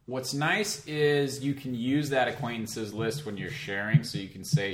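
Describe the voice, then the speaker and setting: A man's voice: mid-range voice, steady tone, measured pace, hardly any pauses, a little hiss or hum. A man co-hosting a casual chat, explaining things at length with asides. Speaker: podcast co-host. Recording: roomy echoey room.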